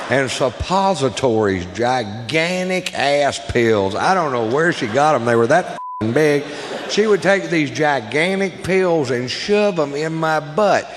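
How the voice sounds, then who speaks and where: A man from Texas doing a crude stand-up comedy routine, drawling through stories and putting on voices for the people in them. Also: mid-range voice. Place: large theater stage. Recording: live stage with hall reverb and audience noise.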